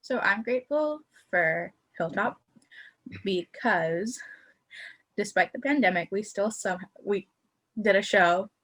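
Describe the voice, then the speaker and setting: Young female guest, medium pitch, giggly, lightly sarcastic. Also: lively intonation, slow pace, fairly bright tone. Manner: cheerful, giggly, a bit sarcastic. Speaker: podcast guest. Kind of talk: casual podcast chat.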